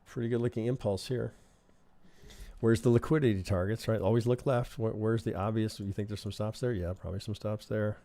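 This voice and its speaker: A man's voice: on the low side, steady tone, fairly quick, mellow. A man teaching trading on a live stream, reviewing charts in a chatty way and often asking "right?". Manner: conversational, keeps asking "right?", thinks aloud. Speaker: trading instructor.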